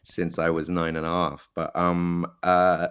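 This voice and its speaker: Low-voiced guy from mexico, sort of english-ish accent w/ bits of american, lots of ums and restarts, chatting casually. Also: completely flat delivery, a little slow, fairly bright tone, smooth. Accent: mixed, mostly English with American touches. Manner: hesitant, many fillers and restarts. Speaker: guest actor. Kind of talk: casual interview chat.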